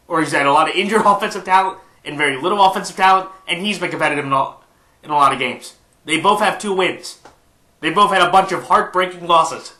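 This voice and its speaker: A man's voice: sits high, sharp tone. Stuffy-nosed man in an echoey room. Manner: rambling, with frequent fillers and restarts. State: stuffed-up nose. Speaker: sports picks YouTuber. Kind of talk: casual sports prediction monologue.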